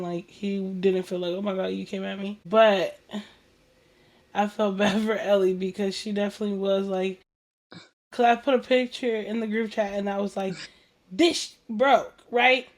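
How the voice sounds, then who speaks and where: A woman hosting a casual chat show, telling stories in an animated, slangy way, acting out what people said and laughing often. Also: mid-range voice, normal speed. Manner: animated storytelling, acts out quoted dialogue, laughs often; slangy and informal. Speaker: podcast host.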